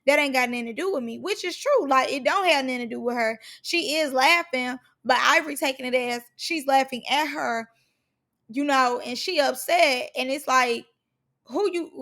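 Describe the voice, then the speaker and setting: Woman, reality show recap, casual slang, emphatic repetition, high pitched, bright tone. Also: normal speed. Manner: emphatic, slangy, repeats words for stress.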